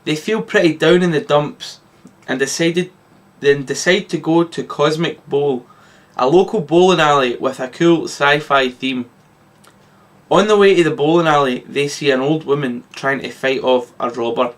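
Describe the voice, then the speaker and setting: Field: man reading a story aloud. Pitch: slightly high. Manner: lively, with small slips. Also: moderate pace.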